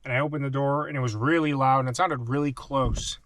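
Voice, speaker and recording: Talking loosely to the camera on a camping trip, a man rambles full of filler words in a wooded lot, then moves into his truck as he grows quiet and scared. He speaks fairly quickly in a steady, mid-range voice, and there's a little background noise.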